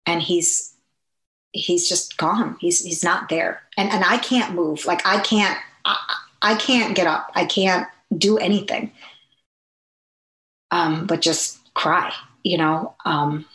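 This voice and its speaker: A woman telling a personal story in a halting, conversational way, with many fillers and restarts. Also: fairly low pitch, a bit bright. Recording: echoey room.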